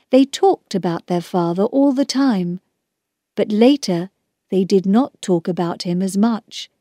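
A woman reading a children's book aloud as narrator, in a slow, clear, measured way. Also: mid-range voice, mellow, dry recording, clean studio sound.

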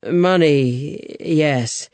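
A man voicing a reckless, hot-headed young swordsman in an audiobook, eager and quick to raise his voice. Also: on the high side, a little mellow, no echo. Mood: brash. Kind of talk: audiobook character reading.

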